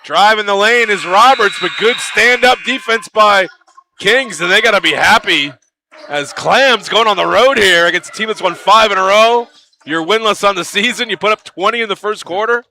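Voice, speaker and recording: A man calls a basketball game live from an arena broadcast position. His voice is fairly high and very bright, and his delivery is chatty and lively, rising into excited calls on big plays. A faint background hiss sits under his voice. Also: moderate pace. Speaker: play-by-play commentator.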